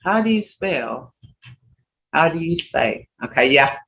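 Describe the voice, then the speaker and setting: A woman teaching a language class over a video call, slowly repeating sounds for learners to copy. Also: low-pitched, expressive, vocal fry, a bit bright. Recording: dull roomy video-call audio.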